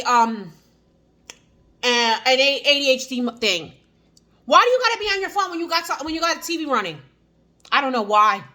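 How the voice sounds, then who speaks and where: A woman's voice: high-pitched, sharp tone. A woman with a New Jersey accent chatting casually to the camera in an eat-and-chat vlog, rambling with many fillers and restarts. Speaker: vlogger.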